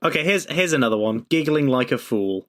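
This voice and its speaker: A man's voice: mid-range voice, lively intonation, a little fast, a bit bright. A young man co-hosting a podcast in casual chat, easygoing, often reading things aloud. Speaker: podcast co-host.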